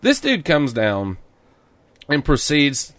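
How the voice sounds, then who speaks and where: A man's voice: on the high side, huge pitch swings, slow pace, fairly bright tone, dry recording. A man with a Southern US accent, co-hosting a podcast and telling a story in casual, profane chat. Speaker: podcast co-host.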